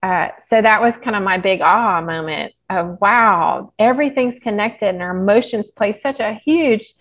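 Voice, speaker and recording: A woman's voice: medium pitch, moderate pace. A woman guest talking openly and animatedly in a casual interview about her health journey, laughing as she tells stories. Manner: open, animated storytelling with laughs. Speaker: podcast guest, health practitioner.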